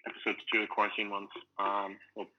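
A man's voice: monotone, fairly quick, lo-fi sound. A young man co-hosting a podcast, chatting casually and rambling with lots of "like" and "um". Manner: rambling, lots of "like" and "um", acts out quotes in high voices. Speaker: podcast co-host. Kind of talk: casual chat.

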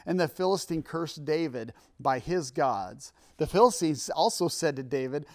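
A man preaching a sermon and reading scripture aloud, with casual asides and self-corrections, building to loud, emphatic peaks. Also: a little high, animated, a little slow, hardly any pauses.

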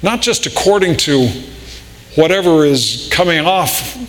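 A man preaching a sermon in a slow, deliberate way, often repeating and restarting words. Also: fairly high pitch, expressive. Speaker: pastor. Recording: long reverb in a large hall, faint room noise.

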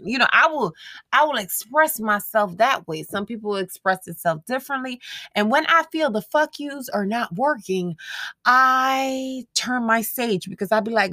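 A woman's voice: on the high side, expressive, unhurried, pushed and bright, dry recording. Frank, profane woman talking to listeners. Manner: frank, profane, laughs often, talks straight to listeners. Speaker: podcast host. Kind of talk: casual motivational monologue.

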